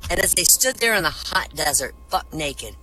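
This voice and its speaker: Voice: mid-range voice, big pitch swings, moderate pace, bright, forceful tone, rough recording. A stand-up comedian telling a string of jokes at an open mic in an online voice room, chuckling at the punchlines.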